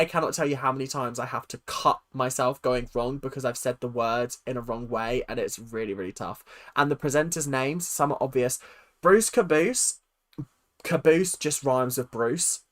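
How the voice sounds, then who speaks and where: A man's voice: medium pitch, fairly bright tone. A young man hosting a livestream, chatting casually with a rambling, self-deprecating manner that trails off with fillers. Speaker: livestream host.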